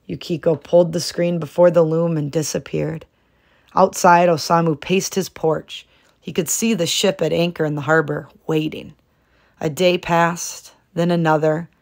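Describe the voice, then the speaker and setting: A woman reads a storybook aloud in a calm, measured way. Her voice is low and gravelly with plenty of fry. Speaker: storybook reader. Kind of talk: read-aloud storybook narration.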